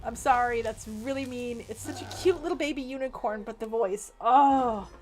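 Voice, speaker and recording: Stuffed-up woman snarking at her game, kinda high voice, faint hiss in the background. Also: fairly quick, a little mellow. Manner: playful, sarcastic banter at the screen. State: stuffy nose. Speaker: gameplay video creator. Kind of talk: casual gameplay commentary.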